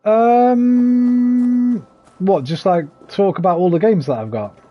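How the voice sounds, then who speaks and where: This streamer has a fairly high, animated voice with a breathy edge and a brisk pace. He chats casually while gaming, greeting viewers by name and swearing without restraint. The audio sounds dull, with soft background music.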